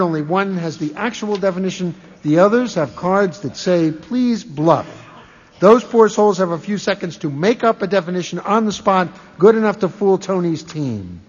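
A man hosting a live radio word game, teasing the players with drawn-out reveals before an audience. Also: high voice, long reverb tail, dull audio. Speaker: quiz show host.

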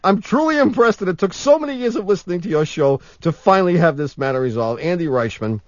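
Giggly male radio co-host, high lively voice, dry dull broadcast sound; bantering chat. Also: fast talker, no room sound. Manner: giggly, often breaks into laughter. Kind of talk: bantering radio chat, reading listener mail.

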